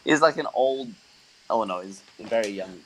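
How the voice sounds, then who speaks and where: A young man with a mild Australian accent, a band member chatting casually on a podcast in a relaxed, rambling way with lots of fillers. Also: lowish voice, moderate pace, slight background noise, low-quality recording.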